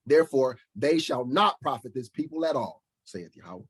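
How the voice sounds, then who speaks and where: A middle-aged man delivers a fiery sermon, reading scripture and then tearing into false preachers with blunt, profane mockery. His voice sits at an ordinary pitch and drops to low asides before climbing into shouts. The recording is dry and close, with no room echo. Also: animated, moderate pace, hardly any pauses, husky. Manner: blunt, profane, mocking, shifts between soft and shouting.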